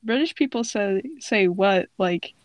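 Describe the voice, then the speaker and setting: A woman co-hosting a casual podcast from a closet at home, excitable and going off on tangents. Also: mid-range voice, unhurried, no echo. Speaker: podcast co-host. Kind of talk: casual chat.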